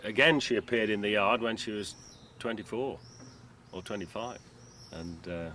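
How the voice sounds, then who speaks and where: A man's voice: on the low side, moderate pace, sharp tone. A middle-aged man from Cumbria, a farmer, speaking modestly and hesitantly in a documentary interview recorded outdoors. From Cumbria, England. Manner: modest, hesitant, many ums. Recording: outdoor noise, rural background.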